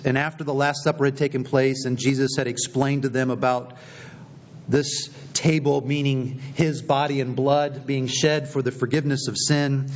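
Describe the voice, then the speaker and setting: A man preaching a sermon, retelling scripture stories and acting out the dialogue. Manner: storytelling, acting out quoted dialogue. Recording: slightly dull recording with faint low rumble.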